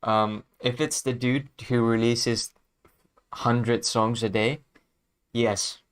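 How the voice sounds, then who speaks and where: A man's voice: medium pitch, steady tone, slow pace, clean tone. A man chatting casually on his livestream as a music producer, laid-back and chuckling often, trailing off mid-sentence.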